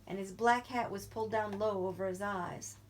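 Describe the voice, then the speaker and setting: A woman reads a novel aloud at a mid pitch, steady and even. There is a faint hiss of noise under her voice. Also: normal speed. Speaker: reader.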